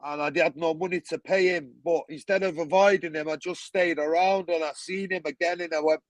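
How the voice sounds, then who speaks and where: A man's voice: on the high side, steady tone, fairly quick, no room sound, poor audio. A man telling stories as a guest on a talk show, blunt and swearing freely, with a lot of "you know what I mean". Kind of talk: casual storytelling.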